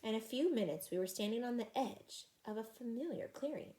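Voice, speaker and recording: A woman reading a children's chapter book aloud in an expressive, animated way. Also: fairly high pitch, fairly quick. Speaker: reader.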